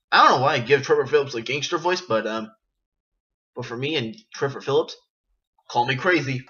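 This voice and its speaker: A man rambling excitedly while reviewing video games in a casual vlog, in a dull, lo-fi recording. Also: mid-range voice, moderate pace. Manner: rambling, excitable, frequent restarts.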